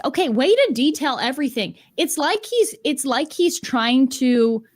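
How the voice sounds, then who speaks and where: A woman's voice: sits high, expressive, measured pace, few pauses, no room sound, studio quality. A woman streamer giving sarcastic, incredulous reaction commentary, swearing casually as she picks apart what she reads.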